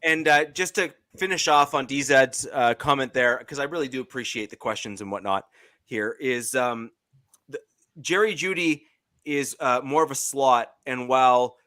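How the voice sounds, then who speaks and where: A man's voice: medium pitch, normal speed, pushed and bright, no echo. A man with a Canadian accent, co-hosting a casual sports chat and talking with many fillers and restarts. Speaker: podcast co-host.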